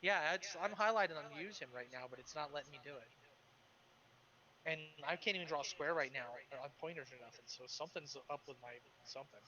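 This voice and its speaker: A man playing in a casual online tabletop game, hurried and repeating himself when stuck. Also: fairly high pitch, lo-fi sound, crowd noise. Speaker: player.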